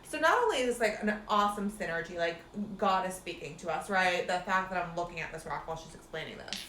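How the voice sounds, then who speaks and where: A woman's voice: on the low side, expressive, fast talker, pushed and bright, slight background noise. A woman life coach giving a casual spiritual pep talk, chatty and profane, full of "like" and calling her listeners "cuties". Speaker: life coach and meditation guide. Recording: roomy echo.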